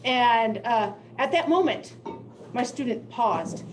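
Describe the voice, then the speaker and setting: An older woman giving a presentation to teachers, telling classroom stories in a lively way and laughing often. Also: on the high side, slow pace, background noise. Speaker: teacher of deaf students. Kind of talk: presentation to educators.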